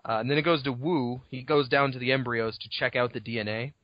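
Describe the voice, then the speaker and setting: A man's voice: mid-range voice, fairly even intonation, fast talker, no echo. Guy recapping a book on a podcast, swears a lot, dull dry lo-fi audio. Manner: rambling recap, swearing, acts out characters' lines. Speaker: podcast co-host. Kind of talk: casual chat summarizing a novel chapter. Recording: dull lo-fi home recording.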